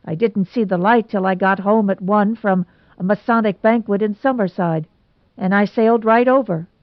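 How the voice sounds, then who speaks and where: A woman's voice: mid-range voice, normal speed, dry recording, close to an everyday voice. A woman voicing a sulky, exasperated young man in a storybook reading. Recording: dull lo-fi recording.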